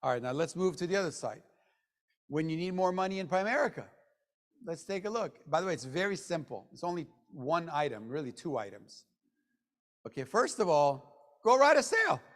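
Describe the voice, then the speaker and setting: A man giving a motivational sales training talk to a room of people, joking, and swinging between low mutters and loud bursts. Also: animated, moderate pace. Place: meeting room with an audience. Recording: long hall reverb.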